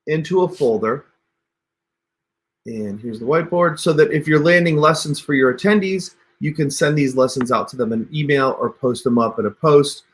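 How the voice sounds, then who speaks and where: A man hosting a casual livestream tutorial, talking viewers through steps on screen in a chatty way over a computer mic. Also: fairly high pitch. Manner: chatty, addresses viewers as you guys. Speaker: host.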